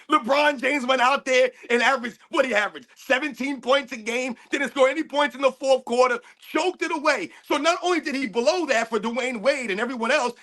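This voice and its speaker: A man's voice: extremely high pitch, pushed and bright. A man co-hosting a sports rant livestream, arguing heatedly with rhetorical questions. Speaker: co-host.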